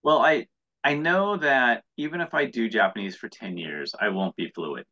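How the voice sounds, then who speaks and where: A medium-pitched American man speaks at a normal speed with a sharp tone. As an entrepreneur guest in a casual interview, he rambles earnestly and keeps restarting, and the lo-fi recording sounds dull.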